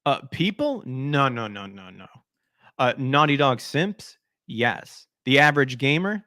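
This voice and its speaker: A man's voice: medium pitch, big pitch swings, a little slow, pushed and bright, dry recording. Sarcastic male podcast host, dry sound. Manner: sarcastic, mocking, crude. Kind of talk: ranting gaming news commentary.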